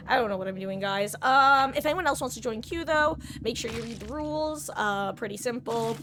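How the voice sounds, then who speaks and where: A woman's voice: a little high, fairly quick, few pauses, background noise. Rambling woman streaming live gameplay. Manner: rambling, chatty asides to chat, thinking aloud. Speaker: livestreamer. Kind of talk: casual live gameplay commentary.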